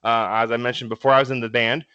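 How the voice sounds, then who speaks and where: A man's voice: medium pitch, flat delivery, quick pace, sharp tone, clean tone, no echo, dull audio. A young man co-hosting a podcast, telling stories casually with lots of fillers and laughter. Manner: laughs often, many fillers and restarts. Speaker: podcast co-host. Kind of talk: casual storytelling.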